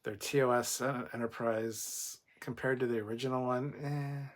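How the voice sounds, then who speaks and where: A man's voice: mid-range voice, steady tone, normal speed. A man hosting a casual livestream, reading viewer comments and reacting in an offhand, conversational way. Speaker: livestream host reading chat.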